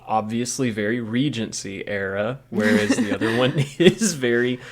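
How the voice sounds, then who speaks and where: A man's voice: mid-range voice, normal speed. A man co-hosting a podcast in casual chat, dropping dry, joking asides. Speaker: podcast co-host.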